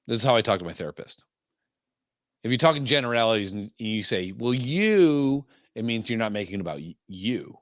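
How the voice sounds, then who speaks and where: Podcast guy, lowish voice, blunt and crude, dry close mic. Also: big pitch swings, fairly quick, no room sound. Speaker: podcast co-host. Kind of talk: casual podcast chat.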